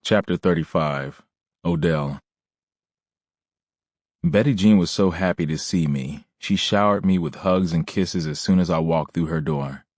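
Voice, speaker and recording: A man narrating a first-person audiobook in a plain, measured way. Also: sits low, darkish tone, dry recording, clean studio sound.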